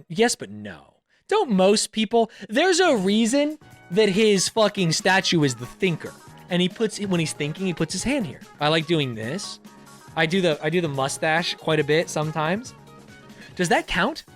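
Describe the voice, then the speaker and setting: A young man with a fairly high, very lively voice gives animated, profane commentary as he reads quiz questions aloud. He laughs often and swings his tone all over the place. Faint music plays softly behind him. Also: normal speed. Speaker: YouTuber.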